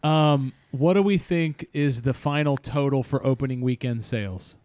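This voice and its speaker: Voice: mid-range voice, moderate pace, a little mellow. A podcast host leading a casual group chat, restarting sentences and explaining details at length. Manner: pedantic, stammering restarts.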